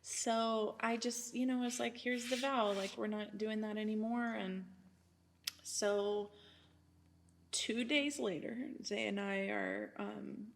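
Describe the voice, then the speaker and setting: A young woman sharing a personal faith testimony as a podcast guest, retelling events in an animated way, often quoting people and breaking into laughter. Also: mid-range voice, slow pace, gravelly, slight background noise.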